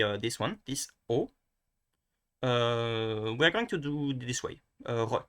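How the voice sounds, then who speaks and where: A man's voice: medium pitch, pushed and bright. Hesitant French-accented man teaching pronunciation. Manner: hesitant, many restarts and fillers, thinking aloud. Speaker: language tutor. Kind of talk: casual screen-recorded lesson.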